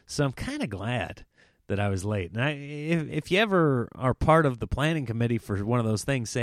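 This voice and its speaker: A man's voice: medium pitch, big pitch swings, moderate pace, dry recording, clean studio sound. A man hosting a casual solo podcast, telling comic stories and breaking into exaggerated voices for quoted people. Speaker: comedian podcast host.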